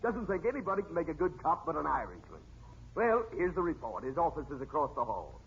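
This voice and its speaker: An actor playing a brisk police doctor with a dry wit in a 1940s radio comedy. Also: male voice, a little high, wildly swooping pitch, vocal fry, heavily acted. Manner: brisk, wisecracking. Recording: dull old radio broadcast with hiss.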